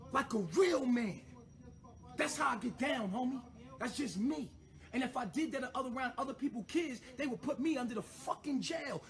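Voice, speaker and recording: Very high-voiced brash man. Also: fairly bright tone. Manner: brash, profane, slangy. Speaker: self-styled spiritual leader. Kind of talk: casual monologue to a camera.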